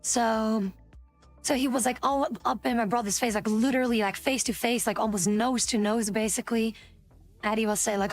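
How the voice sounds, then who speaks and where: A woman's voice: fairly high pitch, fairly quick. A woman streamer casually telling a story to her chat, rambling with many fillers and restarts, with faint music behind her.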